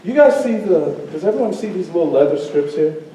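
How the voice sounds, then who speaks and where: Animated man storyteller in echoey hall. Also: high voice, brisk, distant mic, slight background noise. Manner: animated, playful, draws in the audience. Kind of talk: live oral storytelling with call and response. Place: school auditorium with live audience.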